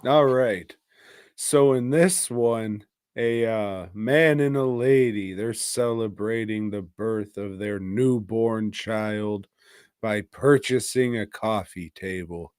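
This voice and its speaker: Slow-talking podcast co-host, mid-pitched man, rambly and profane recap in a dry-sounding room. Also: darkish tone, smooth, no echo. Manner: rambling, profane, laughing at his own story. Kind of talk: casual movie-recap chat.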